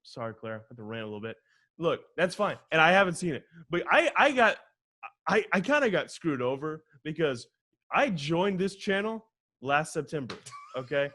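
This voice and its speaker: A man co-hosting a podcast in casual chat, excitable and ranting, swearing freely. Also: on the high side, moderate pace. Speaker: podcast co-host.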